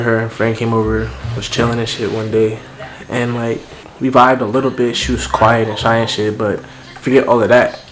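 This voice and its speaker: At home indoors, a young man with a mid-range voice tells a personal story for his vlog in slangy, profane terms. Music plays in the background, along with slight noise.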